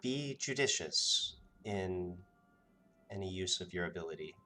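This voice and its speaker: A man voicing a guarded, cautious village woman in a tabletop role-play, hesitant and rushed in her speech. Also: low voice, animated, bright, forceful tone, soft background music, heavily acted.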